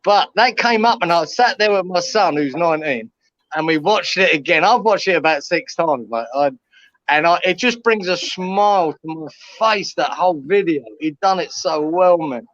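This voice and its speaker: Chatty middle-aged man, higher voice. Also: moderate pace, fairly bright tone, no room sound, highs cut off. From England. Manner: chatty, says mate a lot. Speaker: West Ham fan chatting on a channel call. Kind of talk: casual chat.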